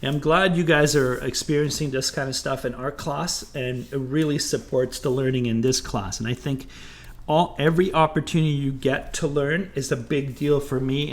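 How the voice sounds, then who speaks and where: A man teaching a drawing class, chatty and encouraging, thinking aloud as he sketches. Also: medium pitch. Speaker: art teacher. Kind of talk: drawing tutorial.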